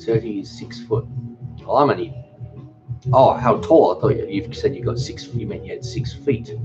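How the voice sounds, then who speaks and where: A man's voice: fairly low pitch, normal speed. A middle-aged man hosting a casual livestream chat, rambling and reading viewer comments aloud. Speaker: cooking channel host. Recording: dull lo-fi sound with music behind.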